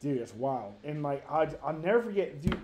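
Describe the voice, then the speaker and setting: Excitable man in his thirties. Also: fairly high pitch, moderate pace, noisy background. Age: 30s. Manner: animated, profane, rambling with many restarts. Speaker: podcast co-host. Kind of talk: casual storytelling among friends.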